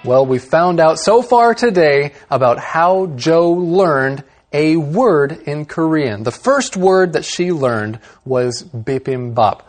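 A man's voice: fairly high pitch, expressive, slow, few pauses, soft background music. A man co-hosting an English lesson program, explaining words in an upbeat teacher's manner. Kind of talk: scripted educational chat.

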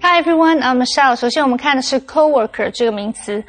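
High-voiced female vocabulary teacher. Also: fast talker, faint music behind. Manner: clear, instructive, steady explanations. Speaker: language teacher explaining English vocabulary. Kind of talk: scripted vocabulary lesson.

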